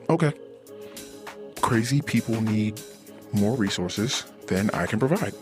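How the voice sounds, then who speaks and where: Man ranting bluntly in a low voice. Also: expressive, a little slow, pauses often, soft background music. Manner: blunt, profane, exasperated ranting. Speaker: anonymous podcast diarist. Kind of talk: recorded personal diary monologue.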